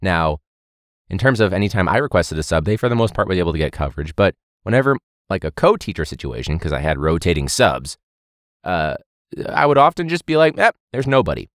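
A man hosts a casual podcast and rants with sarcasm, laughing and swearing mid-thought. His pitch swings widely from low mutters to high outbursts. The recording is dry and close-miked with no room sound. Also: sing-song, a little fast, no echo. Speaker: teacher and podcast host.

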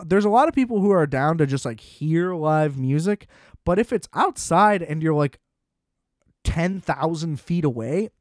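A man's voice: fairly high pitch, a little mellow, no echo, clean studio sound. A young man hosting a solo podcast, ranting in a casual, profane, exasperated way and leaning on filler words. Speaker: podcast host.

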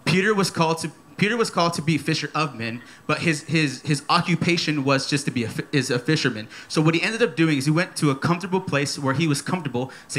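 High, bright-voiced young preacher. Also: male voice, fast talker, hardly any pauses. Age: 30s. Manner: energetic, playful, repeats key phrases. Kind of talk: sermon. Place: church service.

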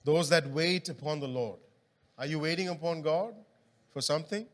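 At normal speed and a fairly high pitch, a man preaches a sermon in a church hall with long reverb. He speaks casually and quizzes the congregation to keep them engaged.

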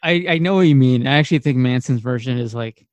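A man's voice: mid-range voice, quick pace, dry recording, dull audio. A man co-hosting a podcast, easygoing and filler-heavy, laughing between his questions. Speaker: podcast co-host. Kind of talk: casual podcast interview.

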